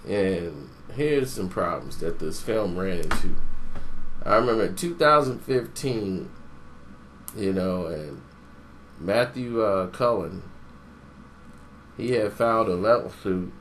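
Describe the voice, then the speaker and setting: Slow, low-voiced man reviewing a movie. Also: expressive, a bit bright, slight background noise. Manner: loose, meandering, trails off and searches for names. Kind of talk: casual rambling review.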